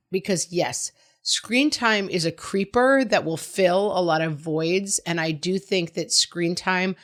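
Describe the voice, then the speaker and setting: A woman's voice: on the low side, a bit bright. A middle-aged woman hosting a podcast, giving frank, chatty, reassuring parenting advice. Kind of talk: casual advice monologue.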